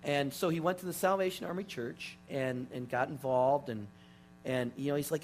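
A pastor telling a story in a sermon, animated and full of restarts. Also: male voice, medium pitch, moderate pace. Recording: steady mains hum underneath.

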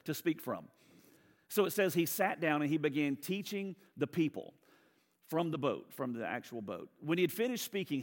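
Pastor preaching in an echoing hall. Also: male voice, a little high. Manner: animated storytelling, then quiet earnest appeals. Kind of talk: sermon. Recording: reverberant hall.

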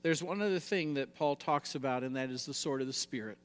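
A man preaching a sermon, emphatic, swinging between loud exhortation and quiet, low passages. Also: brisk, smooth, long reverb tail.

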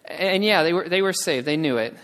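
A man preaching in storytelling mode, his voice a touch higher than most men's. He acts out the people he quotes with rising emotion, and a long hall reverb trails behind his words. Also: brisk, fairly bright tone. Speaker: missionary speaker. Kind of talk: sermon storytelling.

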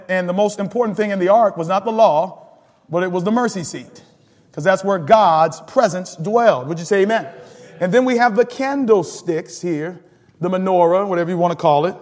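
A man's voice: high voice, moderate pace, a little mellow, long reverb tail. A man pastor teaching a sermon with call-and-response, laughing often and building to sudden emphatic rises.

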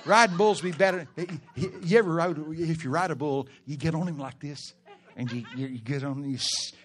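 A middle-aged man, preaching in a folksy, laughing storytelling manner that breaks into loud shouts. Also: fairly high pitch, moderate pace. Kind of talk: sermon storytelling.

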